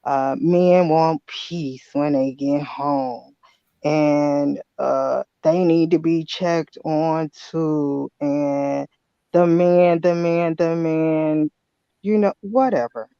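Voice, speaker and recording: A woman's voice: sits low, steady tone, extremely slow, dark tone, clean tone, no room sound. A woman on a casual panel talk, frank and annoyed, speaking out with hesitations. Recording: dull lo-fi sound.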